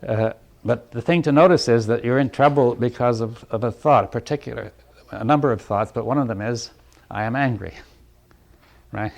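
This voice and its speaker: This man's mid-range voice is creaky as he gives a reflective talk to a few listeners. Between points he chuckles softly, and he often restarts phrases and checks in with the group.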